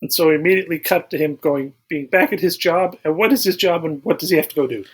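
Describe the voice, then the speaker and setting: Dry, unhurried man recapping a plot. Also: on the high side, husky. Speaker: podcast co-host. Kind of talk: casual comedic movie review chat.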